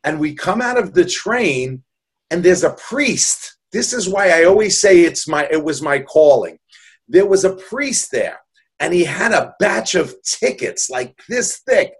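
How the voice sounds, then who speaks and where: A man's voice: high voice, animated, a little slow, husky. A man, a balloon artist telling heartfelt, rambling stories in a jokey, casual way. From New York, USA. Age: 60s. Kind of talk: casual storytelling.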